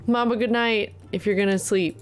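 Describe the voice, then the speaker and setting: A woman's voice: mid-range voice, fairly even intonation, moderate pace, faint music behind. A young woman streaming a game, chatting casually, exclaiming and thanking viewers as she plays. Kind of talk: casual live-stream chat while playing.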